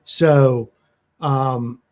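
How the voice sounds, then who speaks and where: A man's voice: mid-range voice, fairly even intonation, very slow, darkish tone. A man playing a tabletop horror game, describing his character's actions in a hesitant way, with lots of ums and you-knows. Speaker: player.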